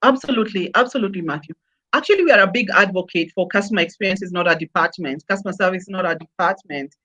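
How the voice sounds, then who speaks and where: A woman's voice: lowish voice, fast talker, pushed and bright. A woman guest in a conversational interview, speaking emphatically and repeating phrases for effect. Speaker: customer experience consultant, guest.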